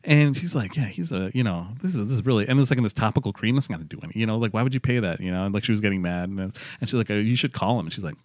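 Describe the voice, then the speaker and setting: A man's voice: fairly low pitch, rapid-fire, hardly any pauses, no room sound, clean studio sound. A man telling a long, rambling, self-mocking story in casual podcast chat, full of fillers and asides.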